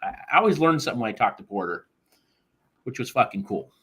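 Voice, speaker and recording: A man guesting on a casual podcast, with a bright, forceful voice. His pitch swings a lot as he talks, and he swears often. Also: sing-song, fast talker, husky. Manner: profane, enthusiastic.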